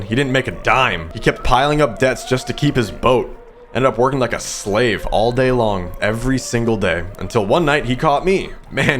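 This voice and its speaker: A man's voice: medium pitch, fairly bright tone, close to an everyday voice. A man voicing a smug, scornful male sea creature, reading game dialogue aloud in a mocking, condescending way.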